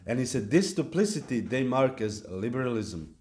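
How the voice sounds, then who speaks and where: A man giving a devotional lecture at a temple, speaking in a halting way with fillers and restarts. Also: mid-range voice, expressive, a little mellow. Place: temple hall.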